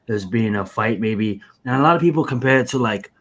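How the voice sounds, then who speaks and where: A man's voice: medium pitch, fairly quick, fairly bright tone. A man in casual podcast chat, rambling through long answers with many fillers and restarts. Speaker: podcast guest.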